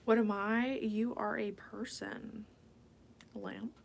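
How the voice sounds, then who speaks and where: A woman's voice: medium pitch, fairly even intonation, takes it slowly, gravelly, slight background noise. A woman hosting an ASMR livestream, chatting casually and playfully as she answers viewers' questions, often dropping into a whisper. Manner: casual rambling, drifting into whispered asides. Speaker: ASMR livestream host reading chat.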